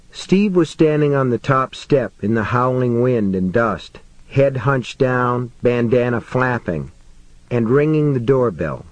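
A man's voice: medium pitch, dry recording. Man narrating an audiobook, dry studio sound. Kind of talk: scripted narration of a horror novel.

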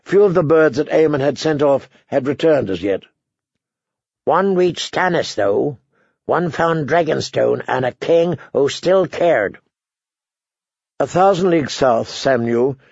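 A man narrating an audiobook in a steady storytelling manner. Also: mid-range voice, no echo. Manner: steady storytelling, voices characters. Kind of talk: scripted narration. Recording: dry, slightly dull recording.

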